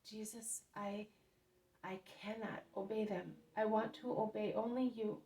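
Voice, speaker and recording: A woman's voice: medium pitch, steady tone, measured pace, dark tone, natural voice. A woman voicing an earnest, devoted young man who pleads to follow his cousin, in a storybook reading. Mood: pleading. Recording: roomy echo, mic at a distance.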